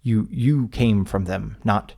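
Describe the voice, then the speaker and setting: A man's voice: lowish voice, slow, creaky, mellow. A man co-hosting a podcast in casual chat, rambling and often breaking off mid-sentence. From United States. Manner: rambling, self-interrupting, chatty. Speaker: podcast co-host.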